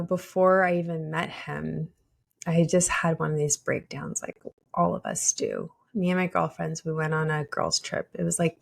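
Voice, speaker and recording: Earnest young woman with a gravelly edge. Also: lowish voice, a little mellow. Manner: earnest, confiding, with many "like" and "you know". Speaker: podcast host. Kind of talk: personal storytelling.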